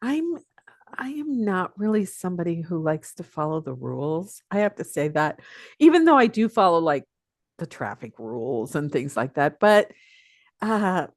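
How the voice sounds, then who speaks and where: With big pitch swings in a fairly low voice, this older woman speaks at a normal speed. A teacher from the Pacific Northwest, she's a podcast guest in a casual interview, musing on the past and chuckling often as she recounts stories. The studio recording is clean, with no room sound.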